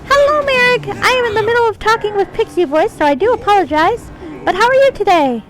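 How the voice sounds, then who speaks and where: A shrill, chirpy pixie with a cheeky, foul mouth, as a woman streamer puts her on. The voice sits very high and swoops up and down constantly. It is chatty, game-stream talk with quick bursts of excitement. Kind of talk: live game stream chat.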